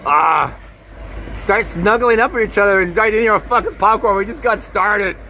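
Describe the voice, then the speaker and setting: With a high, gravelly, sharp voice at normal speed, a man films a storm on a handheld camera and rambles through crude jokes on camera. He moves from outdoors to a basement, and the noisy outdoor phone video picks up wind.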